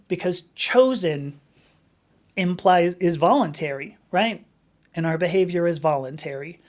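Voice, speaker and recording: A middle-aged woman hosting a casual livestream, answering viewer questions in a chatty, animated storytelling manner. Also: on the low side.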